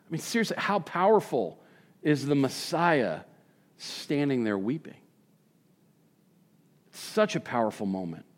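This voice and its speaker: A male pastor preaches at a medium pitch, talking to the congregation conversationally. He swings from hushed, thoughtful stretches to emphatic questioning.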